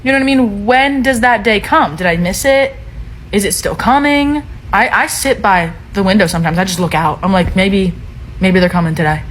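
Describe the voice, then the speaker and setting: A woman's voice: medium pitch, animated, normal speed, a little hiss or hum, low-quality recording. A woman tells a comedic story about herself in a wry, self-mocking tone. She acts out her own quoted lines as she goes, in a conversational delivery.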